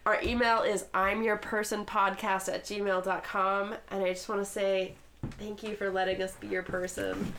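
A woman's voice: mid-range voice, flat delivery, a bit bright, slight background noise. A woman co-hosting a podcast, talking casually and teasing her co-host. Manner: teasing, quick, wraps up the show. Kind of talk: casual chat.

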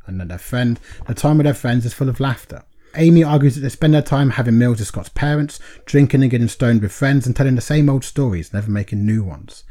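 A young man co-hosting a podcast, reading out a story pitch in a relaxed way, laughing often and calling his friend mate.

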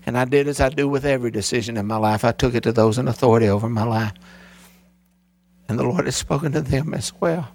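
A middle-aged man preaching a sermon, telling a personal story with emotion and rising to a high voice when stirred. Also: fast, vocal fry, darkish tone. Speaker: pastor.

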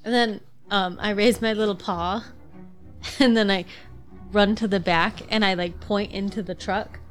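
A woman's voice: medium pitch, fairly even intonation, unhurried, faint music behind. A woman playing a tabletop role-playing game, describing her character's actions hesitantly, with lots of fillers. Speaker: player. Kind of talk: casual tabletop game chat.

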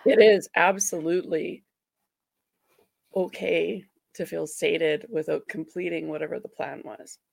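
A woman's voice: lowish voice, fairly even intonation, measured pace, creaky, no echo. A woman co-hosting a podcast, speaking frankly and emphatically with a wry edge. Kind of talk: casual podcast conversation.

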